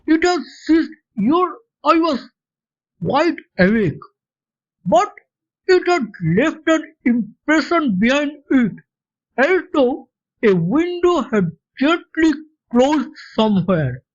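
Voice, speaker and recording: A woman reading a classic detective story aloud, deliberately and expressively. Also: high voice. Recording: dull lo-fi recording.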